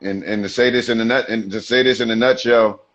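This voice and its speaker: Low-voiced man telling stories over a lo-fi call. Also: fairly even intonation, brisk, a bit bright. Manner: laid-back, streetwise storytelling with slang. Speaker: guest rapper. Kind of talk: casual storytelling interview. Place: remote video call. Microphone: video call mic. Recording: dull, lo-fi sound.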